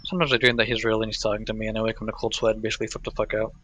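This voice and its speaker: A man's voice: lowish voice, little pitch movement, very fast, sharp tone, no echo. A man reading as a laid-back teenage boy who talks offhandedly and swears casually. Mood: uneasy. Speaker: reader in a group readthrough. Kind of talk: live unscripted fan script reading.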